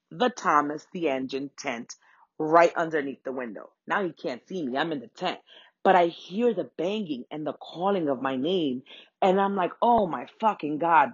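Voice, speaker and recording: Low, husky young woman; comic storyteller, profane, animated; dry, slightly dull recording. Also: dry recording. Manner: animated, profane, acts out quoted voices.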